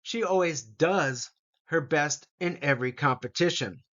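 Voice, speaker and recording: A man teaching an English grammar lesson, slowly reading out example sentences. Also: a little high, pushed and bright, lo-fi sound. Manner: slow, deliberate, reads example sentences aloud.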